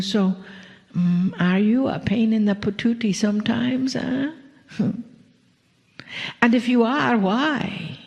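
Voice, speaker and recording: Speaking slowly and gently in a large hall, a woman with a gravelly mid-range voice delivers a channeled spiritual message to an audience, turning playful at times and often dropping to a whisper.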